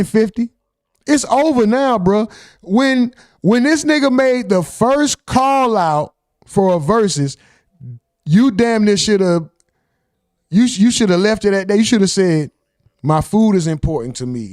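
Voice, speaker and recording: Animated, high-pitched man heckling rappers. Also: no echo, clean studio sound. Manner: loud, profane, heckling reactions. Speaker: host. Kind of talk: casual commentary on rap news.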